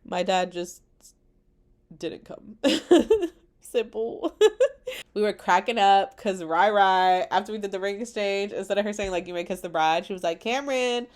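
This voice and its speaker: A young woman vlogger chatting about her wedding photos, animated and slangy, laughing often, on a computer microphone. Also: medium pitch, measured pace. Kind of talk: casual chat over wedding photos.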